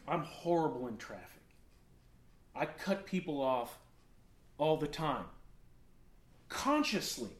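Animated high-voiced male preacher. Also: takes it slowly, pauses often. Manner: animated storytelling, acts out his own rants. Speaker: pastor. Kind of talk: sermon.

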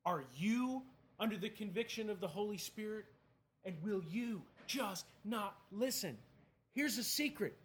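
A man's voice: high voice, animated, unhurried. A man preaching a sermon in a conversational, emphatic way, asking the listeners questions.

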